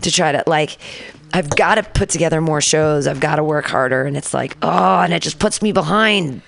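A woman's voice: sits low, moderate pace, vocal fry, fairly bright tone. A woman hosting a radio show, chatting casually and emotionally, acting out the people she quotes. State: tearful at times. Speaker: radio station host.

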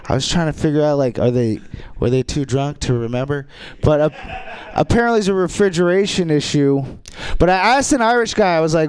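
A man performing a rambling stand-up routine on a radio show, telling dark, crude jokes in an offhand way. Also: a little high, animated, normal speed, clean tone, no echo. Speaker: stand-up comedian.

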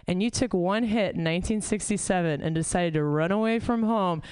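A woman's voice: fairly low pitch, fairly quick, darkish tone, smooth, dry recording. A woman doing a stand-up set, rambling, swearing a lot and mocking herself. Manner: profane, rambling, self-mocking. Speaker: stand-up comic. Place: comedy club stage.

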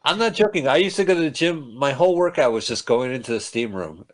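A man's voice: mid-range voice, expressive, quick pace. Regular guy on a podcast, mid voice, jokes at his own expense. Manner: self-deprecating, joking. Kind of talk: casual chat.

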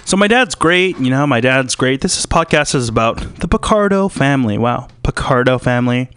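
A man rambling through a podcast monologue, crude and full of profanity. His voice is smooth and sits at an average pitch. The recording is dry and close, with no echo. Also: expressive, normal speed, fairly bright tone. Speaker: podcast host.

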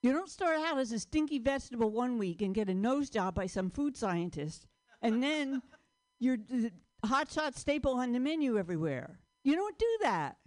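A woman's voice: fairly high pitch, big pitch swings, moderate pace. A woman doing a stand-up comedy set on stage, rambling through self-deprecating jokes. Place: stage before a live audience.

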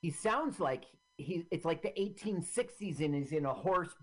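A co-host reacting excitably to a movie in casual commentary. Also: medium pitch, moderate pace.

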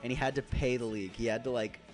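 A man's voice: mid-range voice, fairly even intonation, fast, faint music behind. A man co-hosting a casual talk show, telling rambling stories in crude slang. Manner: loose storytelling, slangy and crude. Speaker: podcast co-host. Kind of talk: casual chat.

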